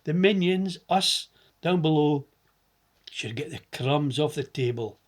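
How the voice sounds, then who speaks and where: A man's voice: on the high side, animated, a little slow. A middle-aged man with a Scottish accent giving an impassioned political monologue, ranting and repeating words for emphasis. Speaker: political commentator.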